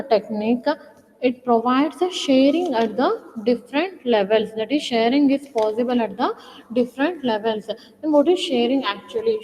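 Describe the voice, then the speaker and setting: A woman's voice: on the high side, mellow. A woman giving a recorded lecture, restating each point and asking rhetorical questions. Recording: long hall reverb.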